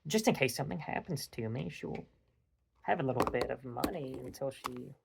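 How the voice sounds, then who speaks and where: A man with a gravelly, mid-pitched voice talks in a loose, rambling way. He tells an animated story to a friend and swears freely. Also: normal speed. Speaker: podcast host. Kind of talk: casual chat.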